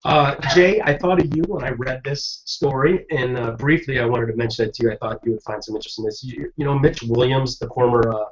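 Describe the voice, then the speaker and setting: A man's voice: mid-range voice, brisk, hardly any pauses. Teasing male podcast co-host. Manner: dry teasing humor, playful sarcasm. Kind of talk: casual chat, news recap. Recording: dull lo-fi podcast audio.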